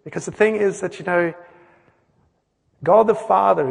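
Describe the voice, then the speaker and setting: A middle-aged man preaches in an earnest, conversational way, slipping into quoted voices and asking the congregation questions. His voice sits a little high for a man. The sound carries a long reverb tail from a church hall. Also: moderate pace, vocal fry, long pauses, husky. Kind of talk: sermon.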